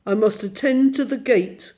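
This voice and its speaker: A woman voicing a huge male bear who keeps a zoo gate, gruff and polite in a storybook reading. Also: fairly high pitch, normal speed, dark tone, pitched above the performer's own voice, lightly acted. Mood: gruff courteous.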